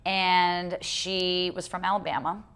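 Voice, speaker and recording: A woman's voice: lowish voice, smooth. A woman guest on a podcast, telling a personal story in casual chat with lots of fillers. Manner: fast, animated storytelling with many fillers.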